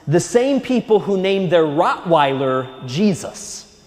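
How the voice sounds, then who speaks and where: Hushed deep-ish parrot that keeps repeating itself spookily, a priest putting it on, echoey hall. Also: male voice, very animated, takes it slowly, heavily acted. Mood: deadpan. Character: deadpan male pet parrot, teasing.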